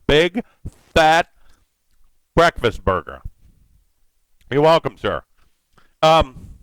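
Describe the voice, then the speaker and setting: A man's voice: on the high side, fairly bright tone, dry recording, low-quality recording. Chatty man hosting a cooking stream. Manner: chatty, rambling, greets viewers by name while cooking. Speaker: live-stream cooking host. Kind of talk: casual live-stream cooking chat.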